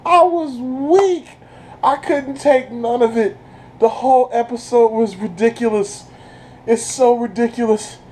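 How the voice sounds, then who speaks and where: A man giving an excited, casual recap as a video reviewer, breaking into laughter and breathless from it. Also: extremely high pitch, measured pace, a little hiss or hum, low-quality recording. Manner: keeps breaking into laughter while retelling.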